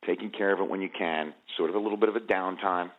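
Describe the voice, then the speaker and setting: A man's voice: low voice, fairly even intonation, quick pace, narrow, tinny audio. A man joking around as a radio show guest, rambling with many restarts. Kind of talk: casual radio chat.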